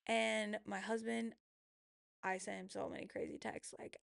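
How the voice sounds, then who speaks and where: Gravelly-voiced woman telling a candid story. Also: mid-range voice, fairly even intonation, a bit bright, no room sound, studio quality. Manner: emotional, confessional, quick asides. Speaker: vlogger.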